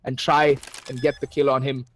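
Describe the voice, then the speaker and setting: A man with an Indian English accent casting a shooter match live, excitable, his pitch leaping at big plays. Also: normal speed. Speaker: esports caster. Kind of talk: play-by-play commentary.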